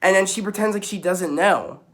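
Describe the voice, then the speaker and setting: A man's voice: sits high, moderate pace. Rambling young man recapping an episode. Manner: rambling, excited, many restarts and fillers. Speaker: YouTuber reviewing a TV episode. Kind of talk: casual spoiler recap to camera. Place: at home with kittens around.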